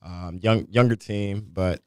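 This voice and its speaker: Low smooth guy from panama, laid back, lots of "yeah yeah yeah", dry studio sound. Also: slow, dry recording. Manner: relaxed, lots of fillers and repeated yeahs. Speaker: guest, former pro basketball player. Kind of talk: casual radio interview.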